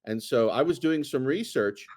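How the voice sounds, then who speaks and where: A man's voice: medium pitch, lively intonation, normal speed, a little mellow. A man co-hosting a casual chat, talking in a rambling way with many fillers and restarts. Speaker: co-host.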